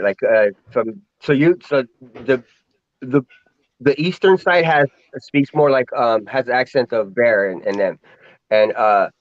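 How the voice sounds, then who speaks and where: A man's voice: mid-range voice, no echo. A man in a casual voice chat, asking questions and rambling with many fillers. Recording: dry, dull lo-fi audio.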